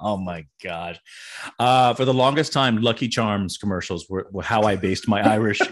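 Middle-aged male co-host, lowish voice, chatty and giggly. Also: moderate pace. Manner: chatty, laughs often, excitable. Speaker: podcast co-host. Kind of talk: casual chat.

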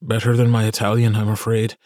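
A man's voice: lowish voice, monotone, brisk, darkish tone, no echo, studio quality, lightly acted. A man voicing a flirtatious Irish stranger. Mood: teasing.

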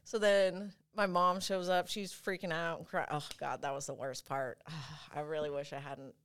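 A woman guest speaks in a loose, casual storytelling voice. She is animated and leans on fillers, and laughter slips in often. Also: low voice, normal speed, smooth. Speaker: podcast guest.

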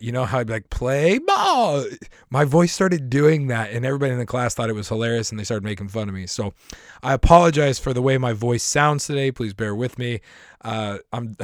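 A man hosting a podcast in a casual, earnest monologue, his voice hoarse from a week of coughing, with throat-clearing and small restarts. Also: medium pitch, dry recording, clean studio sound. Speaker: podcast host.

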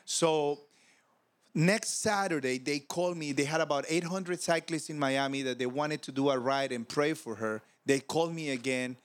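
A man's voice: fairly high pitch, normal speed. A man preaching to a convention of ministers, telling a personal story with emotion and acted-out dialogue. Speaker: pastor. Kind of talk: conference sermon storytelling. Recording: audio of a convention talk.

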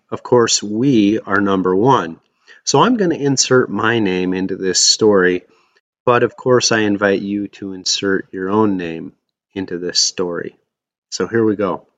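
A man narrating a scripted devotional teaching, telling a story dramatically and shouting the characters' lines. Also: medium pitch. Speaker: podcast host teaching on faith.

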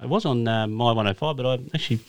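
A man's voice: medium pitch, quick pace, smooth. A man with an Australian accent, a racing driver telling rambling stories in a casual podcast chat, full of fillers and restarts. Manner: rambling anecdotal storyteller, many fillers and restarts.

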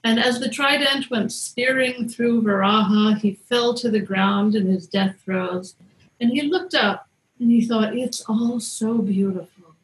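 A woman's voice: a little high, unhurried, poor audio. A woman host telling a myth in a casual, wry and playful way, like chatting with friends. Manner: wry, conversational, playful retelling. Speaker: storyteller and podcast host. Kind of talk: casual mythology storytelling.

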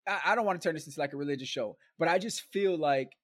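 Talking very fast in a slightly high voice, with no echo in the recording, a male guest tells a long story. He rambles in a relaxed, animated way, dropping slang asides and fillers such as "like," "man" and "bro."

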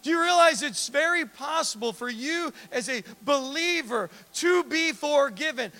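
A man preaching a sermon as pastor, animated, acting out dialogue and asking the congregation direct questions. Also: extremely high pitch, creaky.

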